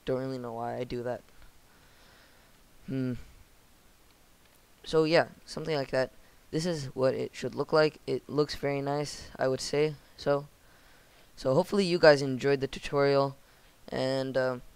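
A young man speaking in a monotone as he talks through a game building tutorial on his channel. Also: mid-range voice, a little slow, creaky, clear, resonant tone. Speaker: channel host.

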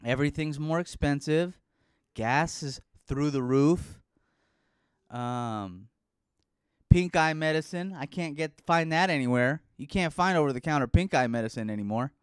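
A man's voice: a little high, measured pace, smooth, no room sound, studio quality. A young man hosting a casual solo podcast, rambling sarcastically and swearing often. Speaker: podcast host.

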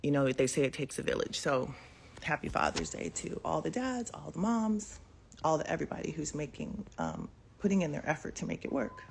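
Phone in hand, a woman in her forties rambles through a morning live chat with her viewers from home, saying "um" a lot. She talks a little fast in a low, gravelly voice with big pitch swings, and there's slight background noise.

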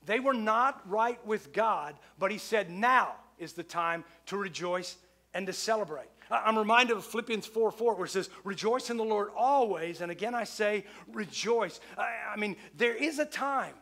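Male pastor, middle-aged, high-pitched, chatty sermon delivery with repeated emphatic lines. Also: animated, normal speed, pushed and bright. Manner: conversational, repeats phrases for emphasis.

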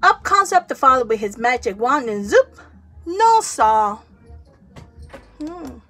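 A woman telling a children's story aloud, acting out sound effects and character voices with lively expression. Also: high voice, slow pace, faint music behind.

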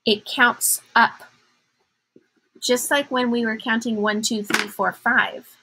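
A woman's voice: fairly high pitch, fairly even intonation, slow, background noise. A woman teacher giving a patient math lesson to young children, counting aloud in a sing-song way.

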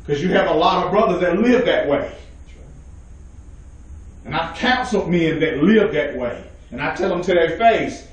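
A man preaches at a men's Bible study, emphatic and calling out to his listeners. His voice sits high. He is heard from a distance in a strongly echoing room. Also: expressive, normal speed. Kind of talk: sermon. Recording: very echoey room, mic far off.

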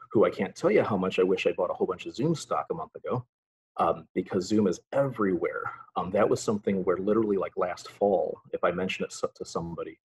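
A man's voice: deep voice, darkish tone, breathy edge, rough recording. A middle-aged man, a college English instructor, giving a casual webinar presentation in a chatty way, full of filler sounds and dry sarcastic asides.

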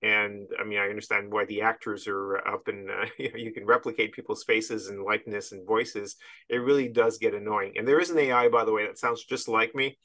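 A man's voice: on the low side, steady tone, brisk, pushed and bright. A man from Canada, a podcast guest, talking casually and rambling with frequent restarts and chuckles. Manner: rambling, self-interrupting, chuckles at absurdities. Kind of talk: casual interview chat.

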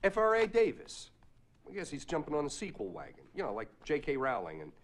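A man's voice: a little high, wildly swooping pitch, a little fast. An actor playing a wry male film producer who argues for a script. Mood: persuasive. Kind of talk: film acting.

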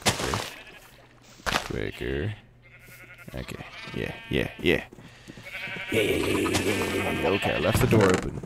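A man's voice: low-pitched, lively intonation, moderate pace, vocal fry, very noisy. A man giving casual let's play commentary and playfully chatting to the animals in the game. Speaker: gameplay commentator.

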